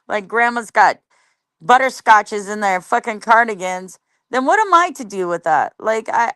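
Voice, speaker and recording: A woman's voice: a little high, a bit bright, clean tone, dry recording, clean studio sound. A woman livestreaming and chatting casually with viewers, talking bluntly with a lot of swearing and rambling asides. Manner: greets viewers and reads the chat.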